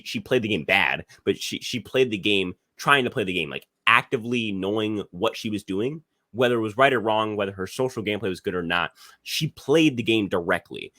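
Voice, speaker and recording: A young man with a very low voice talks through his opinions on a casual podcast. He stumbles and restarts often in a loose, slangy way, and the sound is dry and close. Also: sharp tone, dry recording. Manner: rambling, many restarts and repeated words, slangy. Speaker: podcast host.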